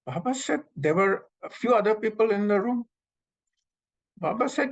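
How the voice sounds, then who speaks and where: A man in his seventies, from Pakistan, telling memories as an animated storyteller who acts out the dialogue. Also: high voice, normal speed, pauses often, poor audio. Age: 70s. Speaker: interviewee recounting memories. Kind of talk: storytelling reminiscence. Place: North America.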